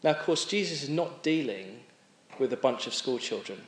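A man's voice: medium pitch, animated. Conversational male preacher in an echoey room. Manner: conversational, with frequent restarts and pauses. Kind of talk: sermon.

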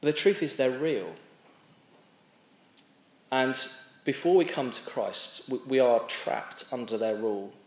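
Male preacher, mid-pitched, chatty and unpolished, with some restarts, roomy echo. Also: animated. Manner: conversational, with frequent restarts and pauses. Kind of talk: sermon. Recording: echoey room.

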